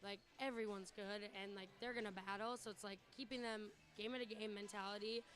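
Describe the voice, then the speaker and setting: A woman's voice: mid-range voice, steady tone, a little fast, a bit bright. A woman volleyball coach in a post-game interview, out of breath and talking casually with many fillers.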